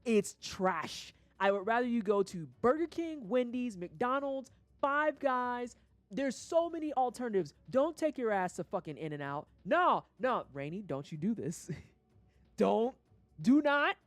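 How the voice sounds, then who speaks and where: Woman, from St. Louis, livestreamer, lively swings in pitch, dry close sound, faint game music. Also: measured pace, no room sound. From St. Louis, USA. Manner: animated, profane, ranting. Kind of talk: casual rant on a gaming stream.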